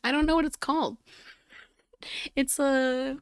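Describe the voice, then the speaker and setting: A woman streamer talks casually while she works on a craft, rambling, losing her words and filling gaps with silly sound effects. Her voice sits a little high and is recorded dry and close on a desk mic at home. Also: steady tone, a little slow, dry recording.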